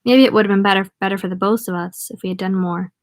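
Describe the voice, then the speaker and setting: A woman's voice: mid-range voice, fairly even intonation, fast, dry recording. A woman reads a novel aloud in a plain, casual way, her voice in the middle of the usual range for a woman. She stops now and then to add wry remarks of her own. The sound is dry and close, with no room around it. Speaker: audiobook reader. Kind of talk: casual read-aloud with asides.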